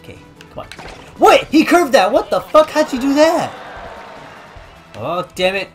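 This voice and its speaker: A young man doing let's-play commentary while playing, loud, swearing and trash-talking the game. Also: very high-pitched, big pitch swings, a little slow, soft background music. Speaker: gaming YouTuber.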